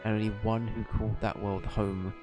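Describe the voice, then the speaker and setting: A wise older sage who speaks formally and gravely, as a streamer reads him out. The voice sits low, with a clear game soundtrack running underneath. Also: male voice, little pitch movement, moderate pace, lightly acted. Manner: reading aloud, formal. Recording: game music behind.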